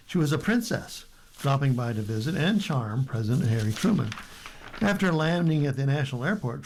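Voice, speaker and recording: American guy reading newspaper stories on a radio reading service, mid-pitched voice, steady and unhurried. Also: slight background noise, poor audio. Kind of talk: reading newspaper articles aloud.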